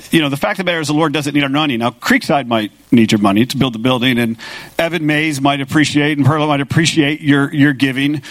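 A man's voice: on the high side, dry recording. A man preaching a sermon as pastor, talking casually and with animation, paraphrasing scripture in an everyday voice.

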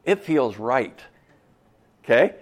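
A man's voice: medium pitch, very animated, slow. A man preaching a sermon in a conversational way, asking the congregation questions and repeating key phrases for emphasis. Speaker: pastor.

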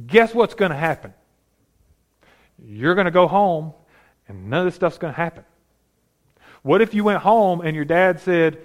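A man preaching a sermon, reading scripture aloud and talking it through in a conversational way with emphatic rhetorical questions. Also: high-pitched.

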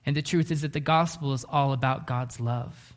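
Guy preaching a sermon, earnest storyteller, middle pitch, goes quiet and slow on the big moments. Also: steady tone. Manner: earnest, often slows down and drops to a hush for emphasis. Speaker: pastor.

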